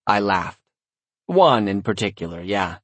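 A man narrating a first-person story in a wry, sardonic tone, with a husky voice. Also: on the low side, sing-song, unhurried, a bit bright, no echo. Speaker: audiobook narrator.

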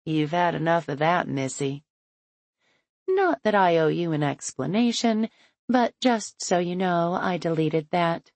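A woman reading the lines of a teasing, wry grown man in an audiobook, in a dry, low-key manner. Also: animated, unhurried, a little mellow, no room sound.

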